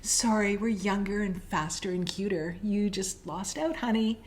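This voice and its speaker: A woman's voice: mid-range voice, a little slow, darkish tone, close to an everyday voice. A woman mimicking smug, cocky young women in a retold film scene. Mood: snooty.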